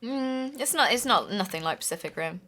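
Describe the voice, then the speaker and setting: A woman's voice: a little high, animated, normal speed, sharp tone. A young woman co-hosting a gaming let's play, chatting casually with a bubbly, joking manner and rambling restarts. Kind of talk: casual chat over gameplay.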